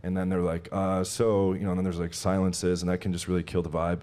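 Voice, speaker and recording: A man appearing as a guest dating coach on a podcast, explaining his advice in quick, rambling casual talk. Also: low voice, little pitch movement, a little mellow. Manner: explains with quick run-on sentences full of "like".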